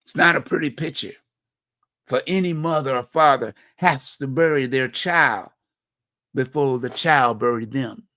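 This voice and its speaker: A man's voice: medium pitch, unhurried, sharp tone, no echo, clean studio sound. A middle-aged man from Virginia, hosting a community talk show, speaking bluntly in a repetitive, slangy, conversational monologue. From Hampton Roads, Virginia. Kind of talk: personal monologue on community violence.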